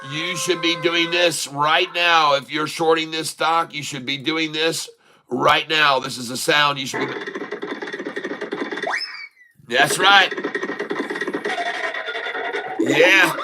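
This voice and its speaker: A man giving excited live commentary on his own stock trades, hyping the moves like a showman and repeating prices over and over. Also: fairly high pitch. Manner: showman hype, drawn-out exclamations, repeats prices. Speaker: day trader streaming live.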